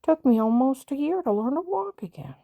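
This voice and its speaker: Her voice is high with big pitch swings and vocal fry, fairly quick, and it sounds like a phone with no echo. She's a middle-aged mother casually telling a painful family story, rambling and emotional, with many fillers and restarts.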